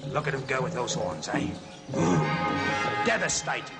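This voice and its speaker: A man takes on the role of a jolly, bumbling explorer hosting a zoo bit on a 1970s kids' TV comedy, chattering merrily, self-amused and quick to get flustered. His mid-range voice is sing-song at a moderate pace, close to everyday speech, with music in the background.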